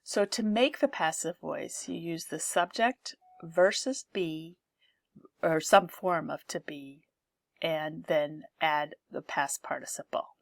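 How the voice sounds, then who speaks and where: Slow, careful woman teaching grammar. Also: sits low, gravelly, no room sound, studio quality. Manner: slow, careful explaining, reading example sentences aloud. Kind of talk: grammar lesson.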